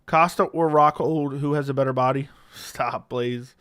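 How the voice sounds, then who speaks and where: A man's voice: mid-range voice, steady tone, a little slow, a bit bright, smooth. A man hosting a live stream, casually reading viewer questions aloud and answering offhand, swearing freely into a studio mic. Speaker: livestream host. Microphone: studio dynamic mic.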